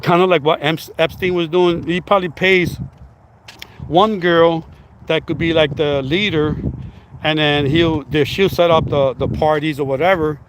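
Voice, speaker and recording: A man's voice: on the high side, fairly even intonation, moderate pace, a little hiss or hum. A man talking bluntly in a casual vlog commentary, rambling and swearing freely. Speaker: vlogger.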